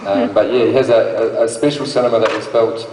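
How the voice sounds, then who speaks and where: A man's voice: fairly low pitch, steady tone, fairly quick, darkish tone. A male actor on a convention panel, chatting and laughing as he explains to the audience. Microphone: phone recording from the audience. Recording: echoey hall from far off, faint noise.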